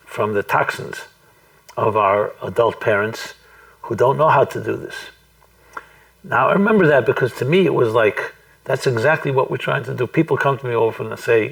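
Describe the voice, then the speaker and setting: A man, a rabbi, telling a story to a live group, speaking thoughtfully and deliberately with frequent restarts. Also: mid-range voice, vocal fry, far from the mic, low-quality recording. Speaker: rabbi giving a talk. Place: room with a small audience.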